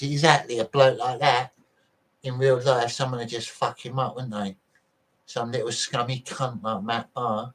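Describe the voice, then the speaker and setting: A man hosting a casual livestream, reading viewer messages aloud between blunt, sweary rants. His voice sits at an everyday middle pitch, and he talks in a loose, off-the-cuff way. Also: flat delivery, moderate pace, a bit bright, rough recording. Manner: profane, blunt ranting. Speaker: livestream host.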